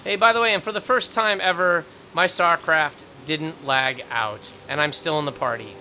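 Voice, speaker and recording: A male esports caster with a very bright, forceful voice that climbs high and speeds up when the action heats up. Faint noise sits under the recording. He chats loosely between plays. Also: rough recording. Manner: excitable, rising to high-pitched rapid calls in fights. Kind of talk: live game commentary.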